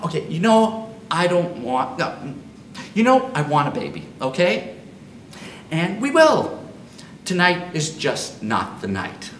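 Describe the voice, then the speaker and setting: A man's voice: fairly high pitch, very animated, takes it slowly, a bit bright, pitched above the performer's own voice, exaggerated voice. A man reading as a teasing, playful young woman. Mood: insistent. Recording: roomy, distant live-reading mic, audience noise.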